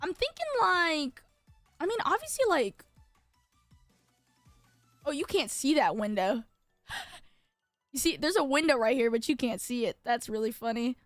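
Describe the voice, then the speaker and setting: Bubbly high-voiced young woman streamer. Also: sing-song, unhurried, pauses often, dry recording, soft background music. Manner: bubbly, lots of filler words, jumps between topics. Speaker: VTuber streamer. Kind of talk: casual live-stream chat.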